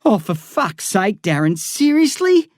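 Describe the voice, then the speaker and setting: A frightened schoolboy stammers and begs, his voice climbing high and strained, as a male reader puts him on. The recording is close and dry, with no room around it. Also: big pitch swings, unhurried, darkish tone, no echo. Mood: panicked pleading. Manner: stammering, pleading, voice rising in panic. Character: frightened schoolboy narrator's younger self, pleading.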